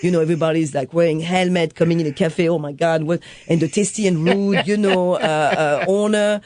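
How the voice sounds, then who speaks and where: Animated woman telling stories. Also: fairly low pitch, a little fast, dry recording, clean studio sound. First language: French. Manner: animated storyteller, acts out customers and her son. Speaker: guest, coffee shop owner. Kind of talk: casual interview chat.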